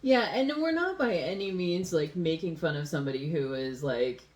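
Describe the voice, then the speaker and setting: A woman's voice: low-pitched, expressive, normal speed, a little mellow. A woman from the USA co-hosting a casual home podcast, rambling with lots of fillers and laughing easily. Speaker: podcast co-host. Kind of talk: casual chat. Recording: roomy home recording.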